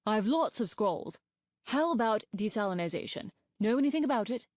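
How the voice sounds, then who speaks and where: A woman's voice: medium pitch, normal speed, no echo, studio quality, natural voice. Woman doing an eager rambling scientist dragon. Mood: excited. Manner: excited, rambling, proud.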